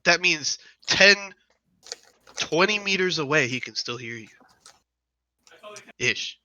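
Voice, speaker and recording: Very bright, playful young-sounding man. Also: fairly high pitch, lively intonation, slow pace, rough recording. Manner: playful, joking. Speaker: player. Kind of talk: casual chat. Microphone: headset on an online call.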